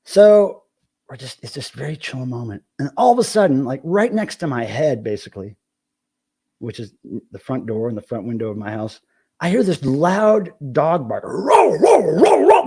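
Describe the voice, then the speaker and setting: Excitable male host with a high, bouncy voice, ranting profanely while telling a story. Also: husky. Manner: animated, profane, excitable rant. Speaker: live show host. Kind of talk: casual storytelling on a live stream.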